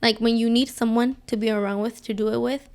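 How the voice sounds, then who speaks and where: Chatty woman with a gravelly edge. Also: on the high side, fast talker. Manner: animated storyteller acting out quoted voices. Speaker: podcast co-host. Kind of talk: casual chat.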